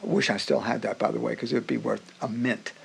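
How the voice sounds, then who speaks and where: A middle-aged man, a music professor guest on a podcast, telling personal stories in an animated way, acting out other people's voices and often restarting his sentences. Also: mid-range voice, quick pace, vocal fry, slightly rough. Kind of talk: personal storytelling in a conversation.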